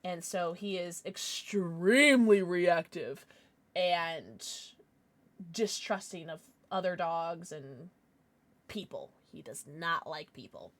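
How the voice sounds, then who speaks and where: Speaking slowly in a voice on the low side, a woman hosts a casual livestream chat. She's bubbly, laughs frequently, and coos at her pets while talking with viewers.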